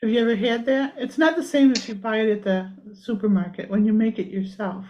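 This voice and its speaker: A woman energy healer leading a private session, singing simple repeated lines softly and chatting between them. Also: on the high side, a little fast. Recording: dull lo-fi audio.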